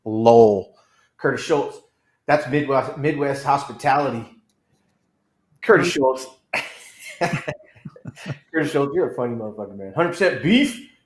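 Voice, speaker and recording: A man co-hosting a casual livestream chat, telling profane, animated stories and slipping into put-on voices. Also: mid-range voice, a little slow, long pauses, roomy sound. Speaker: co-host.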